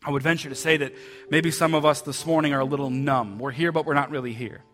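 A man preaching a heartfelt sermon in a church, often repeating words and dropping to a soft voice for quoted lines. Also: on the high side, fairly even intonation, fast, faint music behind. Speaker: pastor. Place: church sanctuary.

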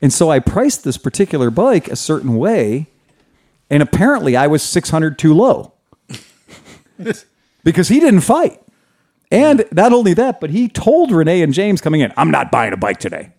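A man who owns a motorcycle shop, telling stories in a casual, profane, animated way. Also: on the high side, moderate pace, long pauses. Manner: animated, profane, laughing storyteller. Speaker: motorcycle dealership owner. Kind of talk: casual storytelling chat.

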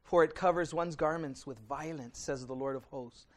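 A middle-aged male pastor with a high voice preaches a sermon in a conversational, back-and-forth way. He turns to his listeners often, then drops into quiet intensity before rising again to loud emphasis. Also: moderate pace. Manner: conversational preaching, asks the congregation "right?" often. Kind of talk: midweek sermon with Bible reading.

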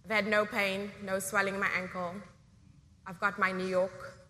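A woman's voice: mid-range voice, little pitch movement, normal speed, sharp tone, long reverb tail, a little hiss or hum. A woman with a South African accent, giving a heartfelt personal testimony and reading scripture in church. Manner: earnest, heartfelt.

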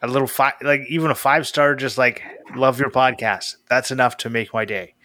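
A man's voice: mid-range voice, steady tone, moderate pace, sharp tone, no room sound, clean studio sound. A man co-hosting a podcast, chatting eagerly and casually. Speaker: podcast co-host. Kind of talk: casual chat.

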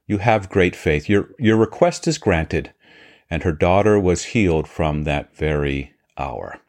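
A man, a pastor, talking through a Bible reading in an earnest, unscripted way, often pausing on "uh" and restarting his sentences. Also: deep voice. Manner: unscripted, with frequent "uh" fillers and restarts; earnest, walking through scripture. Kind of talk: Bible study explanation.

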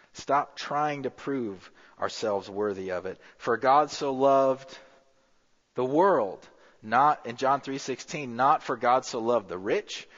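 A man preaching a sermon as pastor, rising to emphatic peaks and dropping to a hushed low voice. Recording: muffled with long hall reverb.

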